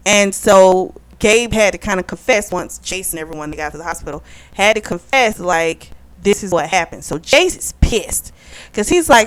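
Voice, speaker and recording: A woman recapping a novel's plot in a casual, animated way, full of "like" and "you know". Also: medium pitch, moderate pace. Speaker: book club reviewer.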